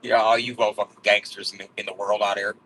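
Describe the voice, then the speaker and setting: A man's voice: on the low side, level tone, fast talker, pushed and bright, slight background noise, poor audio. A man in his forties telling rambling, profane stories in a blunt way. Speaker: vlogger.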